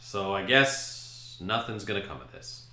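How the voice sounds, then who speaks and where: A man with a lowish voice hosts a podcast, speaking at a measured pace. He casually and animatedly retells a self-mocking story about his own past, and the recording has a roomy echo.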